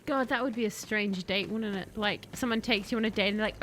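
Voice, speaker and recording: Bright-voiced playful female game streamer. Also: mid-range voice, fairly quick. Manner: playful, chatty, bursts into excited shouting. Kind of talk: live game commentary. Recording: faint background noise.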